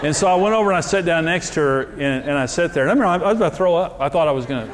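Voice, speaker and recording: Guy pastor telling funny stories on himself, kinda high voice, light hiss in the background. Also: rapid-fire, crowd noise. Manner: self-deprecating, jokey, animated storyteller. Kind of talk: humorous sermon storytelling.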